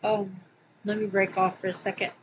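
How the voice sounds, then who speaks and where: A woman with a Southern accent reading a religious book aloud, with hesitant asides and slow, louder scripture quotes. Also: mid-range voice, little pitch movement, slight background noise, rough recording. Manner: hesitant, many fillers, slows and gets louder when quoting scripture. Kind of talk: casual read-aloud with asides. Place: home.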